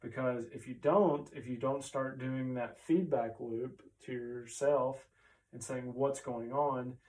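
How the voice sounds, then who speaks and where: Man, chiropractor, casual explainer, mid-pitched voice, a little distant from the mic. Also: steady tone, slow pace, darkish tone. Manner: conversational, often tags on "right?".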